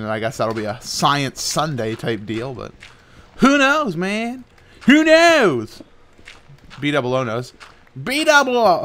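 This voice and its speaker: A young man talks casually over his own gameplay at a desk mic, in a middling voice with no strong traits. He rambles, laughs often and lets his lines trail off softly. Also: mid-range voice. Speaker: gaming channel host. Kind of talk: casual Minecraft commentary.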